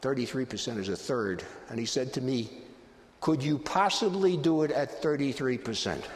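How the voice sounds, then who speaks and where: A man's voice: mid-range voice, expressive, normal speed. An older man giving a live presentation on negotiation, telling humorous anecdotes with wry punchlines. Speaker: guest speaker on negotiation. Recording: hall reverb with faint background noise.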